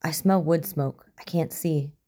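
A woman voicing an injured, starving grown man with a scratchy, rasping voice, in a read-aloud story. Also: deep voice, unhurried, mellow. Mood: desperate.

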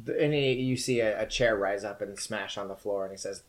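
A man's voice: fairly low pitch, a little fast, few pauses. Guy running a tabletop game, chill rambly narration, lots of ums. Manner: loose, casual narration with fillers. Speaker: game master.

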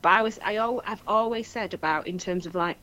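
Chatty Mancunian woman, lively anecdotes. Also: mid-range voice, brisk, a little hiss or hum. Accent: Manchester. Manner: animated storytelling, acts out quoted voices, laughs often. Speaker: podcast co-host. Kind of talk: casual chat.

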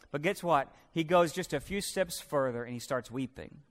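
A man preaching a sermon with passion, swinging between loud declarations and hushed, quiet passages, and calling on the congregation to repeat after him. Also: on the high side, moderate pace, hardly any pauses. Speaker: pastor. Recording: long reverb of a large hall.

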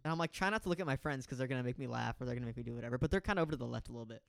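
A man's voice: medium pitch, expressive, rapid-fire, creaky, no room sound, clean studio sound. A young man telling a story in casual chat, rambling with lots of "like" and swearing, laughing often. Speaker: podcast co-host.

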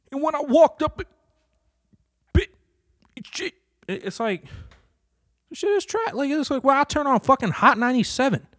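A man's voice: fairly high pitch, dry recording, clean studio sound. A man in a heated, profane casual rant, repeating himself and swearing often as he gives his opinions. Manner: profane, heated, repetitive ranting.

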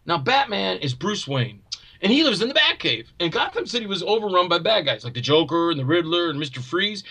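A man voicing an eager, superhero-obsessed sidekick rattles on in a raised, very bright voice. He rambles with wide-eyed excitement and never stops for breath. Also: high voice, brisk, breathy edge, full character voice. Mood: eager rambling.

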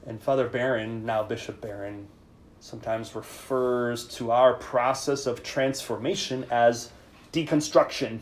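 A man's voice: mid-range voice, steady tone, measured pace, slight background noise. Man giving a casual sermon. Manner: informal, leads call-and-response with listeners. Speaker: priest. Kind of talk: conversational sermon to a live group.

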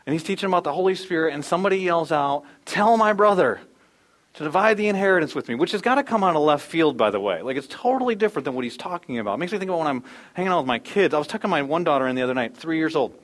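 Male pastor in his thirties, slightly high voice, relaxed storytelling sermon that acts out the quotes. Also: racing. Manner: conversational storytelling, acting out quotes.

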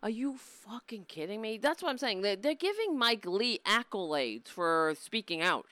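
This woman's voice is a little high, and she talks at a moderate pace with few pauses, captured in a dry recording. She hosts a live political commentary stream, profane and exasperated, mocking as she goes in an animated way.

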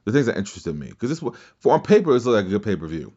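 His lowish, dark voice has a sing-song, rapid-fire quality, and the highs in the recording are cut off. He's hosting a casual wrestling podcast, rambling profanely through his opinions with restarted sentences and mimicked quotes.

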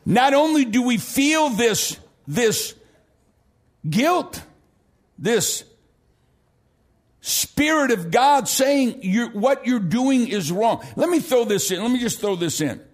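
A middle-aged American man preaching a sermon as pastor, telling stories animatedly and rising into shouts for emphasis. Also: very high voice, lively intonation, takes it slowly, long pauses. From United States.

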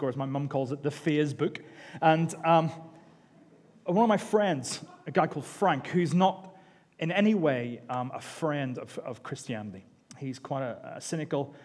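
In a church hall with the long echo of a large space, a man with a fairly high, slightly bright voice preaches a sermon. He keeps it conversational and self-deprecating, often repeating his words.

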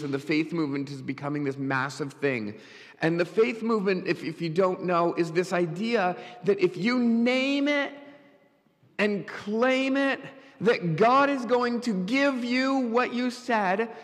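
A middle-aged pastor preaching a sermon, telling stories and swinging between loud emphatic lines and quick low asides. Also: male voice. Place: church. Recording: church hall with long reverb.

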